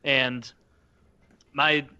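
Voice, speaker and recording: Podcast guy, super bright tense voice, says like a lot. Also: mid-range voice, level tone, extremely slow, clear, resonant tone, lo-fi sound. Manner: profane, filler-heavy storytelling. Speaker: podcast co-host. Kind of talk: casual podcast chat.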